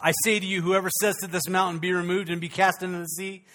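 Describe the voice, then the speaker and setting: High-voiced older male pastor preaching. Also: little pitch movement, fast, bright, forceful tone. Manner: folksy storytelling, rising to fervent preaching. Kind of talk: sermon.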